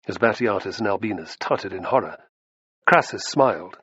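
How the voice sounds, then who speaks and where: A man narrating an audiobook with a dramatic, expressive reading. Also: fairly low pitch, moderate pace, breathy edge, dry recording. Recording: dull lo-fi dry recording.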